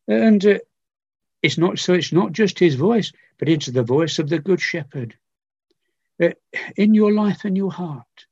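An older man preaching slowly and earnestly, pausing often and circling back to repeat his words. His voice is warm and mellow. The recording is dull and lo-fi. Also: high-pitched, lively intonation, breathy edge, no room sound. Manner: slow, earnest pleading with repeated phrases and many pauses. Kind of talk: sermon.

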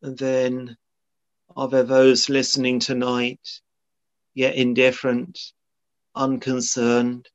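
A man's voice: medium pitch, completely flat delivery, slow, pauses often. A man preaching a sermon in a solemn, earnest way, often quoting old scripture. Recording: dull lo-fi sermon recording.

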